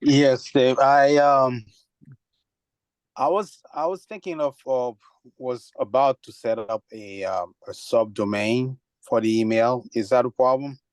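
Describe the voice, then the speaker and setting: A man of middle pitch asks the host a question on a group call. He hesitates and fills gaps with small sounds. The sound is dry and close. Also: unhurried, no echo, poor audio. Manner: hesitant, with fillers. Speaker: participant asking a question.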